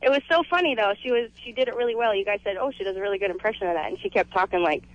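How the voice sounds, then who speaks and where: A man's voice: high-pitched, racing. A man calling in to a radio show, rambling casually about an old bit he enjoyed. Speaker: caller. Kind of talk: phone call to a radio show. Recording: phone line on radio.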